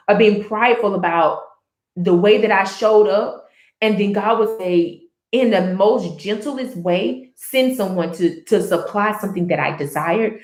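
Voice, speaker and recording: Earnest woman vlogging in an echoey room. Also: medium pitch. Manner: earnest, rambling with many restarts and fillers. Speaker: book chat vlogger. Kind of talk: casual personal reflection.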